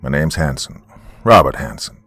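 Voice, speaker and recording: Creepy drawling stranger, low and slow, narrator's put-on. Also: male voice, expressive, fairly bright tone, slightly rough, no room sound, soft background music, heavily acted. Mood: menacing. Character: sinister skinny man with slow drawl.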